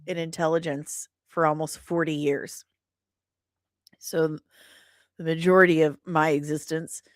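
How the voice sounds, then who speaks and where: Slow-talking sarcastic woman host. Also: low voice, no echo, clean studio sound. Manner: opinionated, sarcastic, laughs often. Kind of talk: casual commentary.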